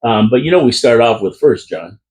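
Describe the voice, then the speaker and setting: A man's voice: mid-range voice, lively intonation, fairly quick, a little mellow. A man hosting a casual fan talk show, rambling and joking with his co-host at a desk mic in a small room. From Canada. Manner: goofy, rambling, jokey. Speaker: podcast host.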